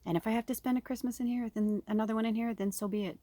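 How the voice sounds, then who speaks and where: A woman's voice: a little high, steady tone, rapid-fire, mellow, no room sound. Emotional profane woman tarot reader. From Chicago. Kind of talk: casual storytelling to viewers. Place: inside an RV.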